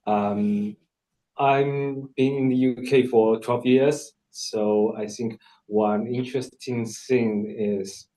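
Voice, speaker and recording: A man's voice: medium pitch, fairly even intonation, takes it slowly, mellow. A man whose first language is Chinese introduces himself in English, hesitant and laughing lightly. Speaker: workshop participant. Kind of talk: self-introduction. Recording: distant from the mic.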